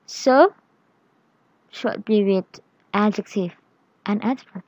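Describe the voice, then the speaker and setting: A woman explaining English grammar in a lesson, reading example words and phrases deliberately. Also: mid-range voice, a little mellow, no echo, lo-fi sound.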